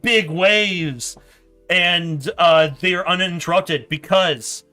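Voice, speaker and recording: A man narrating a story in a board game on a stream, laughing and animated. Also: sits high, takes it slowly, faint music behind.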